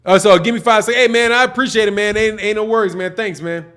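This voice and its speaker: A man's voice: high voice, fairly even intonation, fast talker, fairly bright tone, clear, resonant tone. A man from Chicago with a Chicago accent, hosting a casual livestream, chatting with viewers and commenting on a boxing fight in a loose, slangy way. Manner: laid-back slangy talk, reading out chat messages. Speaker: livestream host.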